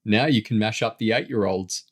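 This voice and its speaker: A man's voice: lowish voice, normal speed, close to an everyday voice. A man reading a story aloud, voicing a cocky teenage boy who teases his friends and gets defensive about his deals. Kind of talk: audiobook character voice.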